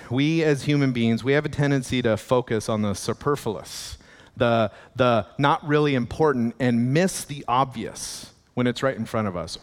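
Male pastor, mid-pitched voice, relaxed sermon style, long church-hall reverb. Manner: conversational, with chuckling asides.

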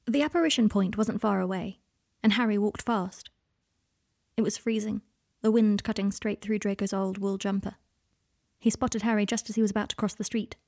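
A woman podcast host reading her fan fiction aloud in a soft, even storytelling manner. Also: medium pitch, normal speed, gravelly, no room sound, studio quality.

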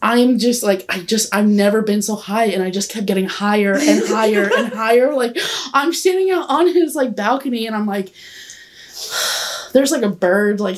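Giggly rambling young woman storyteller. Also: mid-range voice. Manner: rambling, giggly, heavy use of "like". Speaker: podcast guest. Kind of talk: casual storytelling chat.

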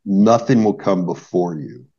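A man's voice: sits low, unhurried, warm tone. A middle-aged man, a marriage therapist, explaining conflict in an earnest conversational way, often adding "right?". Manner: earnest, explains with examples, many "right?" tags. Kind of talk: conversational podcast advice. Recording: dull lo-fi podcast audio.

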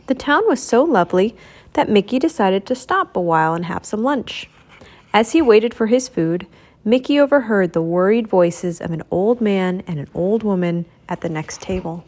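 A woman's voice: mid-range voice, lively intonation, moderate pace, a little mellow. Woman reading a children's storybook aloud.

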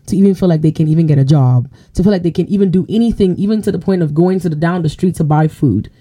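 Quick earnest woman chatting. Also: lowish voice, dark tone, breathy edge. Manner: earnest, fast-talking, acts out a parent's replies. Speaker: podcast co-host. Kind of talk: casual podcast chat.

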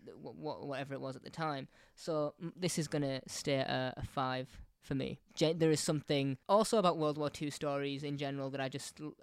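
A young man co-hosting a casual podcast, talking quickly and rambling with many restarts. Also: mid-range voice, steady tone, gravelly, clean tone, no echo, clean studio sound. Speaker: podcast co-host and editor. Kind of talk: casual chat.

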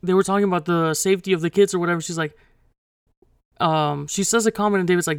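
A man's voice: sits high, fairly even intonation, quick pace, clear, resonant tone, dry recording, studio quality. A young man co-hosting a podcast, talking things through in a hesitant way, restarting often and laughing off tension. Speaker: podcast co-host. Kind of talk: heated casual discussion.

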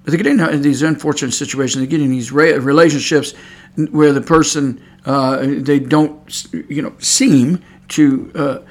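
A middle-aged man hosting a preaching podcast, moving from folksy chat to loud, fervent preaching. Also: a little high, fairly even intonation, normal speed. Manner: folksy, swings from quiet chatting to loud preaching.

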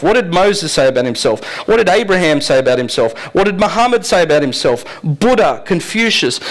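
A man's voice: high-pitched, rough recording. A man preaching a sermon in a conversational way, asking the congregation rhetorical questions and often laughing. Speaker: pastor.

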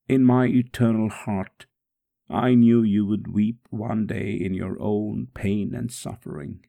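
A man's voice: fairly low pitch, creaky, dark tone, heavily acted. A man reading aloud in the first person as a suffering man praying steadfastly through a scourging, in a solemn, prayerful way. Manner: solemn, prayerful, slow and measured.

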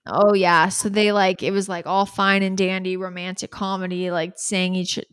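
Woman, young adult, podcast co-host, casual chat, blunt, swears a lot, says "like" constantly, middle pitch. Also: flat delivery, normal speed, a bit bright, smooth. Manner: candid, swears freely, fills speech with "like".

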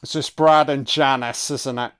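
A man's voice: medium pitch, fairly even intonation, moderate pace, a bit bright, clear, resonant tone. A man giving a casual, profane and sarcastic film commentary as host.

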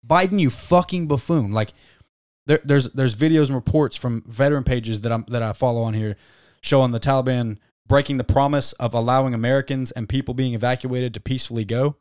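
A man co-hosting a casual podcast chat, ranting heatedly and cursing freely. His voice sits at an ordinary middle pitch for a man. The sound is dry, with almost no room echo. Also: brisk, a little mellow, clean tone. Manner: heated, swears a lot, ranting. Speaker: podcast co-host.

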